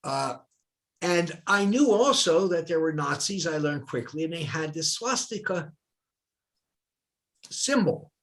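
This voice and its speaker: A man's voice: a little high, measured pace, long pauses. An older man from New Jersey, a retired professor, telling personal anecdotes in a dialogue as a guest. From New Jersey, USA. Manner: animated anecdotal storyteller. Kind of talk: storytelling in a dialogue.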